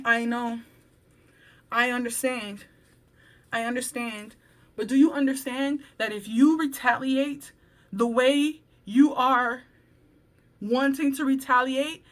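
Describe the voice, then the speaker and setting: A woman vlogger telling a work story in casual chat, animated and slangy, acting out what people said. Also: high-pitched. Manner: animated, slangy, acts out quoted dialogue.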